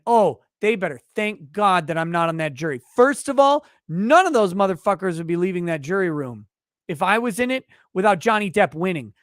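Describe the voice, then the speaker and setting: A man's voice: high voice, fairly bright tone, dry recording, clean studio sound. A man hosting a legal commentary livestream who rants in a heated, profane way. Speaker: legal commentary show host.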